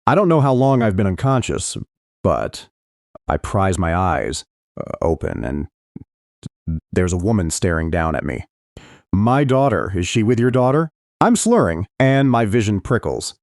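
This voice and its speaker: Deep-voiced man narrating a thriller audiobook. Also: very animated, measured pace, no echo, clean studio sound. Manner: dramatic, emotional reading. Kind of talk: first-person audiobook narration.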